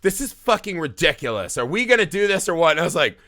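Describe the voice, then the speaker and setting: A man in his thirties from the US Midwest hosts a casual podcast chat. His voice is bright and sharp, and it leaps all over as he acts out screams and curses through a story. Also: on the high side, fast. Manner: animated, swearing, acts out shouts and laughs while telling stories. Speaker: podcast host.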